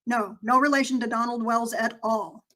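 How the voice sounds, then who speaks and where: A woman's voice: on the high side, fairly even intonation, moderate pace, bright, forceful tone, low-quality recording. A woman voicing a courteous male small-town police officer in a put-on Southern accent, full of "yes, ma'am" and formal politeness. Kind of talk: comedic role-play.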